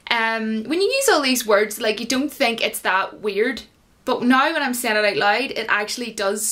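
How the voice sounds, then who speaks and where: A young Irish woman with a slightly high voice talks to her viewers in a relaxed, chatty way. She giggles now and then and wanders off on tangents as she explains things. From Ireland. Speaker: YouTuber. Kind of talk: casual explainer video.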